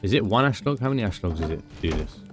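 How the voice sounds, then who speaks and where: British male streamer, deep voice, chatty and rambling, game commentary with faint music behind. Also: lively intonation, very fast. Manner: chatty, rambling, self-mocking asides. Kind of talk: casual gameplay commentary.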